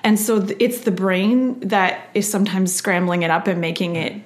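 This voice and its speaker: A woman's voice: mid-range voice, steady tone, moderate pace. Earnest mother sharing parenting experience. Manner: earnest, acts out quotes. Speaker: guest parent. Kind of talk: casual parenting discussion.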